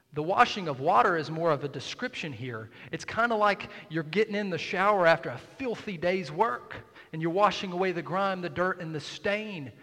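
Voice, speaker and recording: A man preaching a sermon as pastor, swinging between hushed near-whispers and loud emphatic calls. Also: sits high. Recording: long reverb of a large hall.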